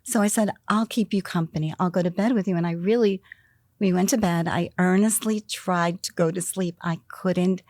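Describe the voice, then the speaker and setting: A woman's voice: on the low side, moderate pace, dry recording. An older woman from the US East Coast, a podcast guest telling her story candidly and acting out what was said to her. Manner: animated, laughing, acts out quoted lines. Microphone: studio microphone.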